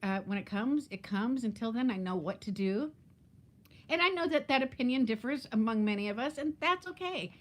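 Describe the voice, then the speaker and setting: This vlogger, a woman in her fifties, chats casually during a live stream, often laughing and saying hello to viewers by name. Her voice is on the high side, with lively intonation and a moderate pace.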